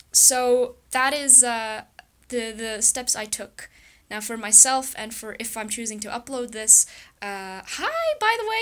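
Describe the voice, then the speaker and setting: A young woman in a casual vlog, talking softly and reflectively, with frequent laughs and a gentle self-soothing manner. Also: a little high. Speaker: YouTuber.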